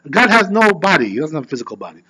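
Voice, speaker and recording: A man who is a rabbi teaching an informal Torah class, animated and constantly checking in with "you know" and "right?". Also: on the high side, rapid-fire, slightly rough.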